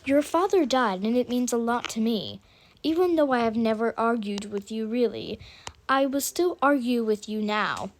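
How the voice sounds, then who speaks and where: A woman's voice: a little high, moderate pace, slight background noise, lightly acted. A woman reading as an indignant grieving mother. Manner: indignant scolding.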